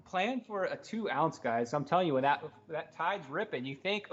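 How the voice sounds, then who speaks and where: A man co-hosting a fishing talk show, explaining gear and rigs in a fast, excited, casual way and laughing often. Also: a little high, husky, muffled recording, soft background music. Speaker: co-host giving fishing tips.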